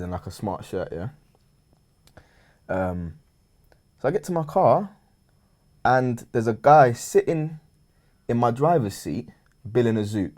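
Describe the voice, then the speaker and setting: A young man, telling a story to friends in casual slang. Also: on the low side. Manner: London slang, acts out the scene with raised loud quoted voices. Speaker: show regular telling a story. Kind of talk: animated storytelling among friends.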